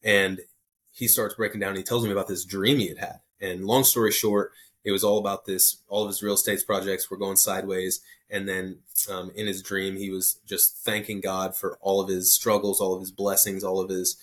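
A young man telling a personal faith story in a casual, rambling way, full of restarts and quick asides. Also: low voice, level tone. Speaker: podcast guest sharing testimony.

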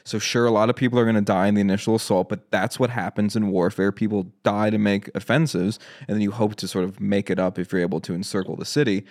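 A man debating the war on a casual podcast, speaking in halting bursts full of "like" and "right?". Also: fairly low pitch, steady tone, a little mellow. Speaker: podcast guest.

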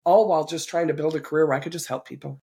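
Woman, gravelly voice, husky, earnest personal storytelling interview. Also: sits low, racing. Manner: earnest, reflective, occasional soft laughs. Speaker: podcast host, interviewee.

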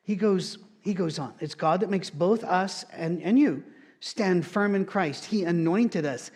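This preacher has a high, darkish voice and delivers his sermon a little slowly. Emphatic storytelling carries the message, and he imitates others in changed voices when quoting them.

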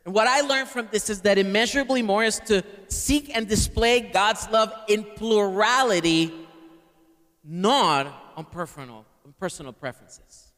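Male preacher, fairly high voice, long hall reverb, sermon, calls on the crowd to repeat words. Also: unhurried, a bit bright. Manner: preaching to a live congregation, asks them to repeat words.

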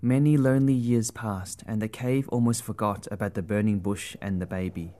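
A man narrating a storybook tale in a gentle, expressive way. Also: on the low side, normal speed.

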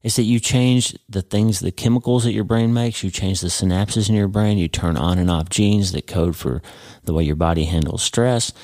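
Deep-voiced man giving earnest devotional teaching. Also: normal speed, darkish tone, no room sound, clean studio sound. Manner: earnest, addresses listener as friend. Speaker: podcast host.

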